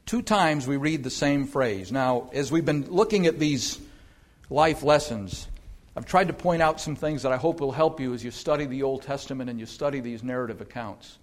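A pastor preaching a sermon, stressing single words, asking rhetorical questions and slowing down to read scripture aloud. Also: male voice, mid-range voice.

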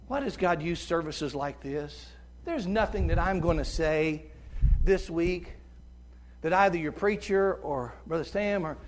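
A middle-aged man with a squeaky tenor voice preaching a sermon as a visiting preacher. He is impassioned and swings between loud urging and hushed tones. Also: slight background noise.

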